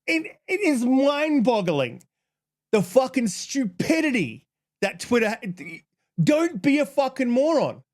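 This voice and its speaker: A man hosting his channel, ranting heatedly about an online argument, swearing a lot and reading out tweets in a flatter voice. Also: very high-pitched. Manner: heated, profane, exasperated. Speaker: channel host. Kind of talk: ranting commentary.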